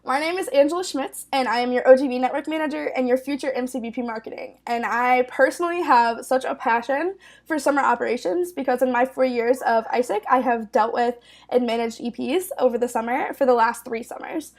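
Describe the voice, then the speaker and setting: A young woman in her twenties leads a training webinar in an upbeat, casual way, her high voice sitting well above most women's. She talks loosely, leaning on fillers and breaking into quick laughs as she explains. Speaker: network manager presenting a training webinar.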